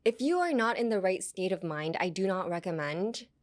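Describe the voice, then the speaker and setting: A young woman hosts a relaxed language-learning podcast, talking through phrases in a chatty, informal way. She slips back and forth between English and Japanese and laughs easily as she explains. Her voice sits at an ordinary middle pitch. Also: normal speed. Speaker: podcast host teaching English through anime lines. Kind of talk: casual bilingual teaching chat.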